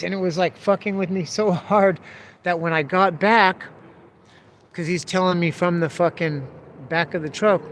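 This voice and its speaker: Man, fairly high voice, casual storytelling, profane, laid-back, faint background hiss. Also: normal speed, a bit bright. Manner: profane, laid-back, peppered with "dude" and "bro". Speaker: taxidermist telling a story.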